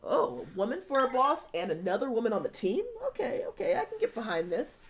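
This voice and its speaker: A woman's voice: on the high side, very animated, a little fast, breathy edge, heavily acted. A woman reading aloud as a confident, muscular woman superhero from a dating game, blunt and teasing. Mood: cocky. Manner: brash, teasing, easygoing.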